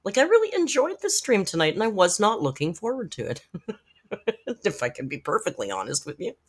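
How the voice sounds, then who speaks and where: Lively, frank, swearing middle-aged woman. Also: medium pitch, brisk, slightly rough. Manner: frank, profane, chatty, talks straight to viewers in the chat. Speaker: live-stream host reacting to videos. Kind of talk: casual live-stream commentary.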